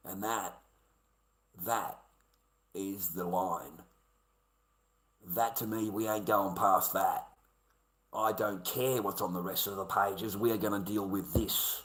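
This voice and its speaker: A man's voice: low voice, fairly even intonation, takes it slowly, long pauses, a bit bright. A middle-aged Australian man, a live streamer, angrily ranting in a combative, profane, repetitive way. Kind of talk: angry ranting monologue. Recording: echoey room.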